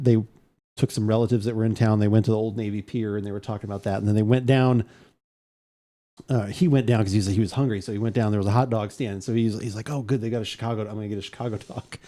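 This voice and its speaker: Quick, mellow-voiced male podcast host, rambling casual chat. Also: mid-range voice. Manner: rambling, many fillers and restarts, animated storytelling.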